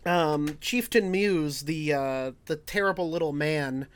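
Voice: mid-range voice, takes it slowly, clean tone. A podcast host talking in a laid-back, teasing way during casual comedic chat.

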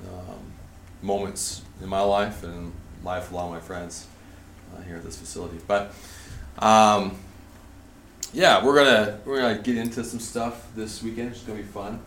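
A man in his thirties speaking to a group, telling an animated story and laughing through it. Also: on the low side, far from the mic. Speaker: conference speaker. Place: large indoor hall at a retreat facility. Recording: echoey hall, faint room noise.

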